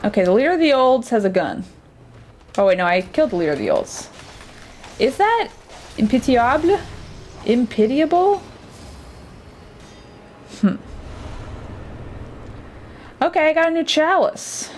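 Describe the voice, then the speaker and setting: A woman's voice: on the high side, sing-song, normal speed, pauses often, slight background noise. A woman streamer chatting casually and reacting aloud as she plays a game. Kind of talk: casual let's-play commentary.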